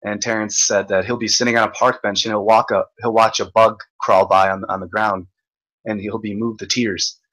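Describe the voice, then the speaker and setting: A man hosting a casual rant podcast, talking in a rambling, halting way with frequent laughs. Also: fairly low pitch, level tone, a bit bright, rough recording. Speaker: podcast host.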